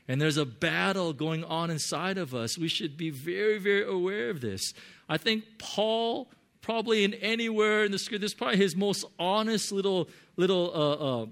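A man's voice: a little high, a bit bright. A man preaching a sermon to his congregation, earnest, often repeating words as he searches for phrasing. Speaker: pastor.

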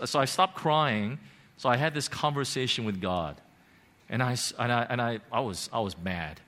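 Earnest guy telling his faith story, sharp bright voice, goes quiet then gets loud. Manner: earnest and emotional, swinging from soft and low to loud and high. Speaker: speaker sharing a faith testimony. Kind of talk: personal testimony storytelling.

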